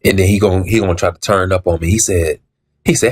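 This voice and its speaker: Speaking fairly quickly in a low-pitched voice, a man tells his story as an informal monologue, with a little hiss or hum on the recording. He dramatizes quoted dialogue, repeats things for emphasis and clears his throat often.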